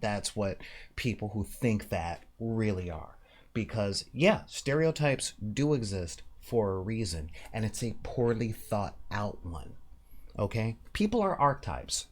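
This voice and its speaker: A man hosting a casual monologue about tabletop gaming, emphatic and animated, slipping briefly into mock voices to make a point. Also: lowish voice. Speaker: podcast host.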